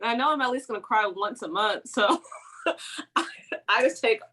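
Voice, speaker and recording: Bright, blunt higher-voiced woman. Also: animated, moderate pace. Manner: blunt, swears casually. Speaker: podcast co-host. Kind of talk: casual chat.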